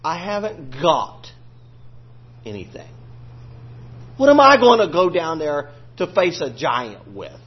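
Preacher man retelling a bible story, folksy and plainspoken, husky voice, lo-fi sound. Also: fairly high pitch, very animated, slow pace, long pauses. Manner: homespun colloquial speech. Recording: lo-fi recording.

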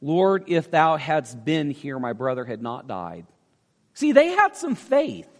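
A male pastor preaching a sermon, swinging between loud emphatic declarations and soft, intimate pleading. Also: fairly high pitch, wildly swooping pitch, slow. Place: church sanctuary. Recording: long reverb of a large hall.

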